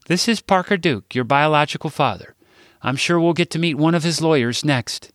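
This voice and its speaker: A man voicing an exasperated adult woman in an audiobook, firing sharp, accusing questions. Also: fairly high pitch, expressive, normal speed, dry recording, studio quality, pitched above the performer's own voice. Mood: stern.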